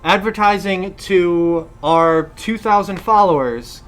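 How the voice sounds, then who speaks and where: A man's voice: sits high, slow pace, fairly bright tone, faint music behind. A man co-hosting a casual gaming podcast, easygoing and adding wry asides. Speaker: podcast co-host.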